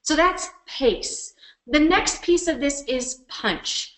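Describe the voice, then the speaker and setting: A woman coaching presenters in a webinar from her computer, speaking energetically and with emphasis, shifting her speed and loudness to show each point. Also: high voice, expressive, slow pace, reverberant, low-quality recording. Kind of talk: instructional webinar workshop. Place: at her computer on a web call.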